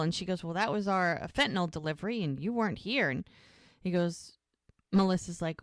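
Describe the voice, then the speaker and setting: With a lowish voice and a moderate pace, a podcast co-host chats casually through a TV episode recap. She performs the characters' lines in animated voices as she retells scenes, and the audio is studio quality with no echo.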